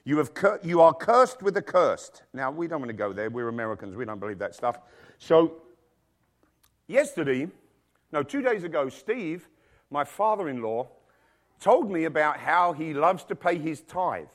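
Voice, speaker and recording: Speaking at normal speed in a slightly high, animated voice, a middle-aged man addresses his church as its pastor. Children and congregation fill the room while he pushes his points with emphasis and rhetorical questions.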